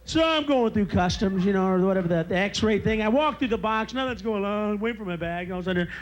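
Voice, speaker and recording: A man's voice: sits high, quick pace, dull audio. A man performing an explosive stand-up comedy routine, bursting into screams.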